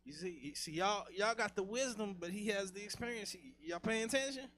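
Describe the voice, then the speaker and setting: A man's voice: sits high, brisk, hardly any pauses, fairly bright tone. A man hosting a comedy show, hyping the crowd with repeated chants. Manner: hypes the crowd, repetitive chants. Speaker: show host. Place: comedy club stage.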